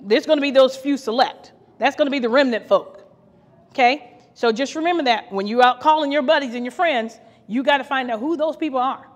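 A woman's voice sits high and moves briskly as this Ohio co-pastor delivers an ardent sermon for a podcast. She repeats her phrases and laughs from time to time, with long hall reverb on the recording.

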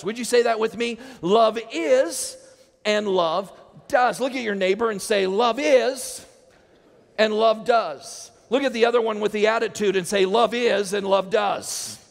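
A man's voice: very high-pitched, creaky. A male pastor preaching a sermon, calling the congregation to repeat lines after him. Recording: long hall reverb.

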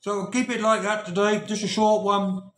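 A man's voice: high voice, fairly even intonation, normal speed, fairly bright tone, roomy sound. A man hosting a casual food vlog, chatting to viewers while he eats. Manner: chatty, talks with mouth full while eating. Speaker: vlog host.

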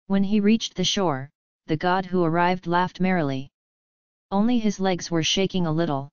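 A woman reads an audiobook in a steady, even way. Her voice is low and very smooth. The sound is dry and close, a little muffled. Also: normal speed, no echo. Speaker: audiobook narrator. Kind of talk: scripted narration.

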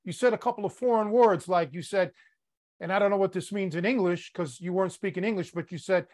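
A man's voice: sits high, a little fast, a little mellow. A man from the Chicago area hosting a podcast, asking playful, teasing questions in casual interview chat. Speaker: podcast host, catch wrestling coach.

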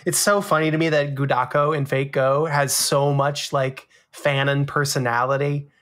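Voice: mid-range voice, steady tone, moderate pace, a bit bright. Podcast co-host with wry asides. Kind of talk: casual chat.

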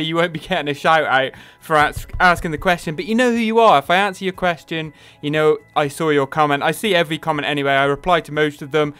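A man's voice: fairly high pitch, fairly bright tone, clean tone. A man in his twenties from the UK, a gaming YouTuber answering viewer questions in a chatty, self-deprecating, rambling way. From United Kingdom. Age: 20s. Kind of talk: casual Q&A monologue.

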